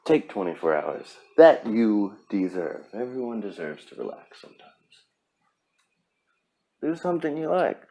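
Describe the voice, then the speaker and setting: A man's voice: lowish voice, sing-song, measured pace, mellow. Blunt, cussing male podcast host. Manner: blunt, profane, pep-talk delivery. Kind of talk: casual motivational podcast monologue.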